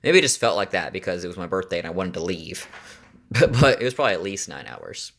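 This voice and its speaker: A man's voice: low-pitched, big pitch swings, fast, creaky, a bit bright. A young adult man chatting casually to camera, rambling and venting with lots of fillers and exasperated laughs. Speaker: vlogger. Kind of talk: casual chat.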